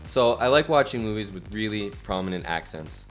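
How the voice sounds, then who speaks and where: A man hosting a chess stream, chatting casually with quick, joking banter and frequent laughs. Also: lowish voice, lively intonation, a bit bright, soft background music. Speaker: stream host.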